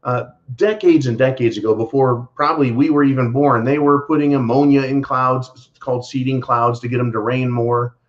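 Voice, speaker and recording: A man hosting a casual livestream, rambling along in a folksy way, full of "uh"s and restarts. His voice sits at an ordinary middle pitch. The stream audio is dull and lo-fi. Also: steady tone, moderate pace, few pauses. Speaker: livestream host reading super chats. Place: Texas.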